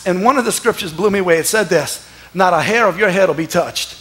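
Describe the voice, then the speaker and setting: A man, a pastor telling stories in a sermon, animated and laughing, sometimes breaking into shouts. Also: high voice, quick pace. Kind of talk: sermon storytelling. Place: church.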